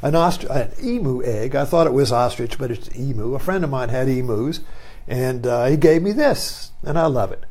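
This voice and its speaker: A man's voice: medium pitch, animated, moderate pace, a little mellow. An older man giving a rambling philosophical talk he records himself, musing aloud and often tagging phrases with "you see.". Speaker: online talk host.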